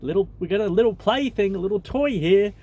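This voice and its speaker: A man voicing sly spirit beings, speaking in a high, mocking, triumphant way. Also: lively intonation, fairly quick, dark tone. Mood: gleeful. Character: gleeful scheming spirit beings, male, sly.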